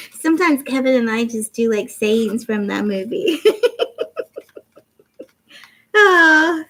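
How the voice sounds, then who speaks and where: A woman's voice: a little high, expressive, takes it slowly, long pauses, a bit bright. A woman in her fifties with faint Canadian and Southern traces, a tired, goofy livestream host chatting, giggling and reading viewer comments. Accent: mixed Canadian and Southern traces. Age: 50s.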